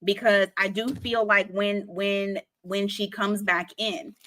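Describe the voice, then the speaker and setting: A woman's voice: medium pitch, flat delivery, a bit bright, slight background noise. Blunt, laughing tarot reader woman. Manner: blunt, swears freely, laughs often, slows to stress advice. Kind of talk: casual tarot reading to camera.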